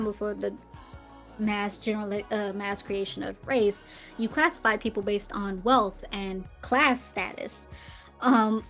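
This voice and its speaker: A woman hosting her own podcast, reading quotes aloud and answering them with sarcastic, emphatic commentary and laughs. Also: fairly high pitch. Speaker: podcast host.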